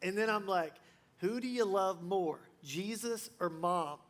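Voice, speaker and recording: A man's voice: sits high, unhurried, a bit bright. A male pastor preaching a sermon in a casual, joking way, full of fillers and restarts.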